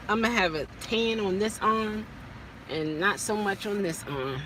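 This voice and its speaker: A woman's voice: mid-range voice, very animated, moderate pace, fairly bright tone, a little hiss or hum. A woman vlogger chatting casually to her live viewers from her car, laughing often. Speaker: vlogger and rideshare driver. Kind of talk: casual live-stream chat. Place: in a parked car.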